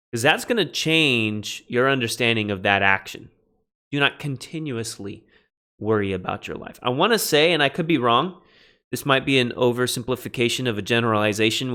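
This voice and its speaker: Bright-voiced man giving a Greek lecture. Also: medium pitch. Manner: thinking aloud, self-correcting, stressing key phrases. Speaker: Greek teacher. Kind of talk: casual classroom lecture.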